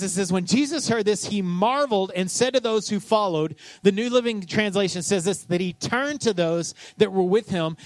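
This high-voiced preacher talks casually with his congregation during the sermon, cracking jokes, posing questions to them, and performing scripture scenes in character voices. No room sound is audible.

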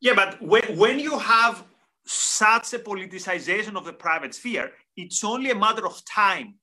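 A man's voice: sits high, expressive, normal speed, sharp tone. A man co-hosting a casual philosophical discussion, making his points emphatically and repeating words as he builds them. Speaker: co-host.

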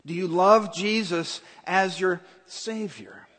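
A pastor preaching a sermon in an earnest, emphatic way, repeating key points. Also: male voice, sits high, slow, fairly bright tone, big-room sound.

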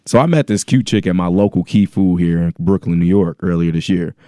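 A man in his forties with a low voice reads a listener's letter on a podcast, deadpan and joking. The sound is dry and close. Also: fairly quick, no echo. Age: 40s. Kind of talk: casual podcast chat, reading a letter aloud.

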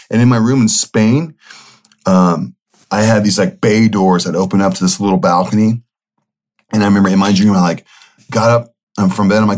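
Low-voiced man telling a rambling story. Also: fairly even intonation, a little fast, a little mellow. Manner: loose, rambling, with many fillers and self-corrections. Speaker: podcast host. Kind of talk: casual storytelling monologue.

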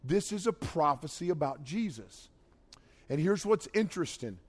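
A man's voice: on the high side, animated, normal speed, slightly rough. Man, middle-aged, youth preacher, folksy storytelling, swells and drops in volume. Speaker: youth pastor. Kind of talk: sermon.

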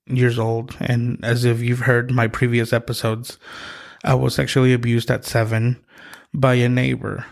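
A man from Mexico hosting a podcast, telling a personal story in a halting, reflective way with many pauses and restarts. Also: medium pitch, gravelly. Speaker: podcast host.

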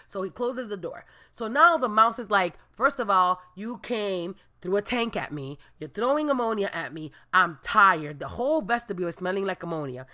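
A woman telling a comic personal anecdote, animated and expressive, breaking into shrieks and Spanish exclamations. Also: medium pitch, fairly quick, hardly any pauses. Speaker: storyteller.

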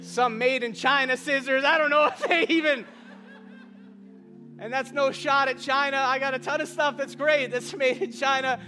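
A man preaching a sermon, impassioned and often shouting, mixing in humor and personal stories. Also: extremely high pitch, fairly even intonation, normal speed, faint music behind.

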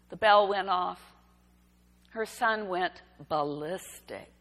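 A woman giving a sermon, telling a story in a gentle, unhurried way. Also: mid-range voice, vocal fry. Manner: slow, gentle storytelling delivery. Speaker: preacher. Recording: reverberant hall.

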